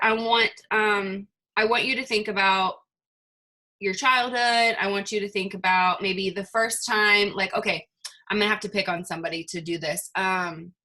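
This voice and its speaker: A woman's voice: mid-range voice, sharp tone. A woman leading her team in a chatty, motivational talk over a video call, full of rhetorical questions. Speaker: team leader.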